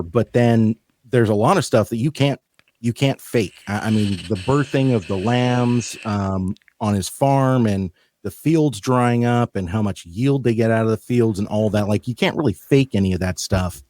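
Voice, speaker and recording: A man's voice: lowish voice, moderate pace, dry recording, clean studio sound. An American man hosting a podcast, joking and telling stories in casual chat. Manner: joking, animated storyteller. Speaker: podcast host.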